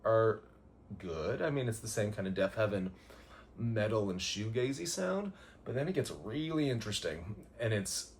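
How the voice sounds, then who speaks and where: A man's voice: on the low side, expressive, moderate pace, a little hiss or hum. A man counting down his favorite albums in a casual vlog, rambling and gushing with lots of fillers and chuckles. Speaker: music vlogger.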